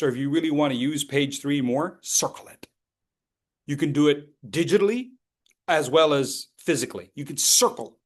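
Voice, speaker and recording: A man teaching as a speech coach, lively and playful, acting out his students and throwing in sound effects. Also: a little high. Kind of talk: lively training talk.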